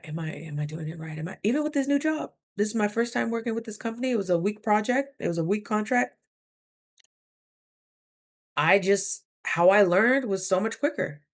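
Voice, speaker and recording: A young woman vlogging casually, chatty and animated, acting out her own thoughts in quick asides. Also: mid-range voice. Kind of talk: casual talking-to-camera vlog.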